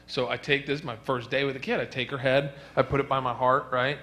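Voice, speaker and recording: A man performing a stand-up comedy set on stage, telling stories loudly and animatedly, with shouted bits. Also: medium pitch, steady tone, fairly quick. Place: comedy stage before a live audience. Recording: live club recording with audible audience.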